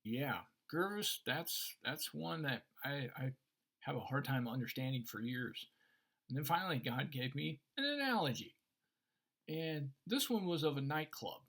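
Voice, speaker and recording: Man, christian teacher, casual chat, lively storyteller, mid-pitched voice. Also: unhurried. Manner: animated storyteller, acts out voices in anecdotes. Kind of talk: casual faith discussion.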